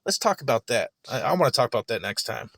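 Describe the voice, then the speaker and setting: A man's voice: mid-range voice, sing-song, fast talker, vocal fry, a bit bright, no room sound, studio quality. A man giving heated, profanity-filled commentary, often stammering and repeating words as he reacts to a recorded argument. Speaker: streamer reacting to a recorded debate.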